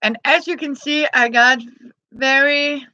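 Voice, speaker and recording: A woman, chatting gently on a live stream and greeting her viewers by name. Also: high-pitched, a little slow, no echo, dull audio. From Denmark. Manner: greets viewers by name between thoughts, gentle, frequent soft laughs. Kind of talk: casual live-stream chat.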